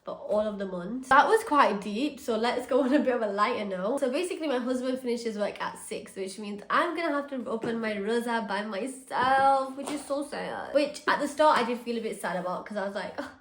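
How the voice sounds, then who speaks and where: A woman's voice: fairly high pitch, lively intonation, fairly quick. Young woman vlogging at home, chatty, heartfelt, kinda echoey room. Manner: chatty, emotional, sincere and grateful. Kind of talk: casual vlog talk to camera. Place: home, indoors.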